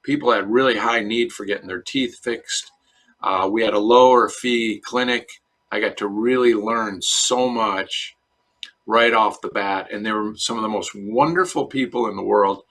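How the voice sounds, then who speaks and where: A middle-aged man from Chicago, a dentist answering interview questions in a relaxed, storytelling way. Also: on the low side, normal speed. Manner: relaxed storyteller, acts out quoted voices. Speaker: dentist guest.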